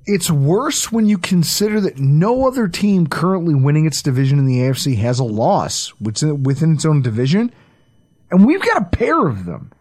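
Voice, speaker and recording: A man hosting a sports podcast, talking in a casual, animated way with some swearing. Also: fairly high pitch, normal speed. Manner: animated, swearing, breaks into impressions. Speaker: podcast host.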